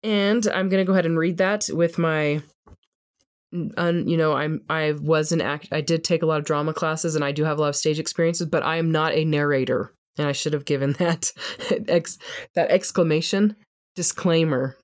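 A woman's voice: deep voice, fairly even intonation, moderate pace. A woman co-hosting a podcast, chatty and self-deprecating, laughing often. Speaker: podcast co-host. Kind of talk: casual podcast chat and book reading.

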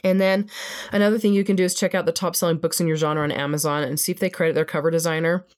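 A woman's voice: fairly low pitch, steady tone, fast. A woman co-hosting a podcast, chatty and self-deprecating, laughing often. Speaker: podcast co-host. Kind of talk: casual podcast chat and book reading.

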